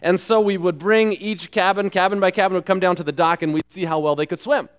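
A pastor telling a dramatic story in a sermon, dropping to a hush and rising again, and asking listeners to repeat after him. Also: male voice, sits high, steady tone, brisk, clear, resonant tone. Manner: dramatic, swings from hushed to loud.

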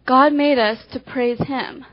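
A woman giving a devotional talk, telling acted-out illustrations with animated emphasis that speeds up and slows down. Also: high-pitched. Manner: animated storytelling, swinging between quick and slow emphasis. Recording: dull lo-fi recording.

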